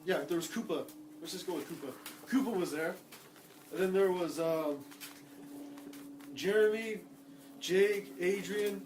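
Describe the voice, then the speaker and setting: A young man with a high voice tells school stories in a loose, rambling way, swearing freely and stopping for filler words. His voice is recorded with a faint hiss of noise behind it. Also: a little slow, pauses often, a little mellow. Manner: rambling storyteller, swears a lot, acts out quoted voices. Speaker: podcast co-host. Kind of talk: casual chat among friends.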